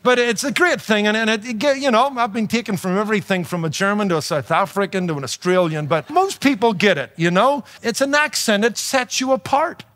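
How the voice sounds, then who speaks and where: A man's voice: sits high, fairly quick, few pauses, a bit bright. A middle-aged man with an Irish accent preaching a sermon in a conversational way, with rhetorical questions and light humor. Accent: Northern Irish. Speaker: pastor.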